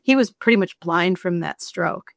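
A woman's voice: lowish voice, moderate pace, vocal fry, no echo, clean studio sound. A woman author being interviewed, telling a personal story in casual chat and acting out the people she quotes. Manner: animated, acts out quoted voices, rambling.

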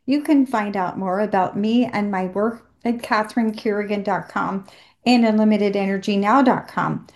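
A woman hosting a health radio show, giving a brisk, upbeat introduction and then interviewing a guest. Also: mid-range voice, darkish tone.

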